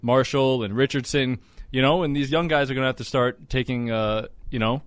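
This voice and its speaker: A man's voice: mid-range voice, fairly even intonation, fairly quick, clean tone, no echo. A man co-hosting a casual sports radio show from a small studio, easygoing and agreeable, giving short replies and opinions.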